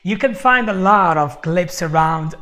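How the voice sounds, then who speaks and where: A man's voice: high voice, animated, measured pace, pushed and bright. A man teaching English in a live-stream lesson, chatty, checking in with "okay?" and repeating words as he goes. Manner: repeats words while finding them.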